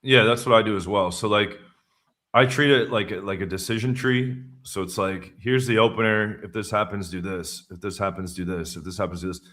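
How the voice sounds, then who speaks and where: A man's voice: fairly low pitch, brisk, fairly bright tone. A man guesting on a live dating-advice stream, talking loosely and conversationally and often trailing off mid-sentence. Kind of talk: casual live-stream chat.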